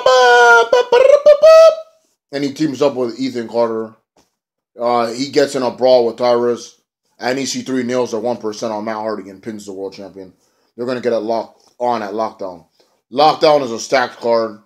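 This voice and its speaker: A man giving a casual, rambling review of a wrestling show, excitable and profane. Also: mid-range voice.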